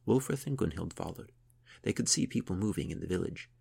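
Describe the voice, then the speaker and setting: A man narrating a historical tale in a measured, steady way. His voice sits very low and carries a gravelly fry. There is a husky grain to every line. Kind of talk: audiobook narration.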